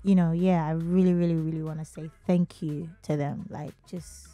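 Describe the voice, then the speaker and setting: A woman's voice: low voice, steady tone, moderate pace, dry recording. Giggly woman guest from Nigeria. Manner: giggly, warm, playful. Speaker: guest singer. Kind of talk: casual interview chat.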